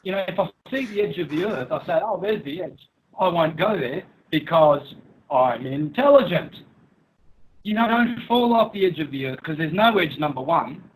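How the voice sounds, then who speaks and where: Man, higher voice, angry rant, profane, mocking, scornful laughter, menacing. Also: animated, normal speed, breathy edge, poor audio. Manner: menacing, threatening. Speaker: guest. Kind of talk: angry rant in an online interview.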